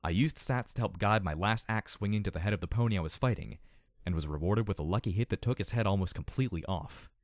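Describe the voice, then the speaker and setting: A hoarse man narrating a fan audiobook in an expressive, dramatic reading. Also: lowish voice, quick pace, dry recording, studio quality. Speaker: audiobook reader.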